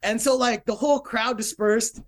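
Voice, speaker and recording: A man with a strikingly high voice tells a rowdy story on a podcast. He talks loosely, with many fillers and some swearing. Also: fairly even intonation, normal speed, fairly bright tone. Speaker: podcast guest, jiu-jitsu black belt. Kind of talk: casual storytelling chat.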